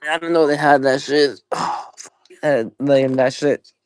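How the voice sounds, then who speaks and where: A young man hosting a casual live-selling stream, profane and excitable as he pitches items while playing a game. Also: a little slow, clear, resonant tone. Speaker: livestream seller.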